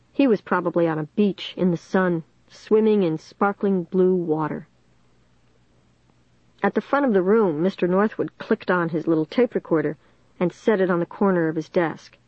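Lower-voiced woman reading a storybook. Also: a little mellow, dry recording. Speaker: audiobook narrator. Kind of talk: first-person storybook narration. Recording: dull, dry lo-fi recording.

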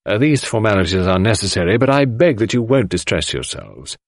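A man's voice: lowish voice, sing-song, no echo, studio quality. A man voicing a portly, fussy little older male doctor who drags out his words in an audiobook reading. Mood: brisk. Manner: fussy, drawn-out murmuring.

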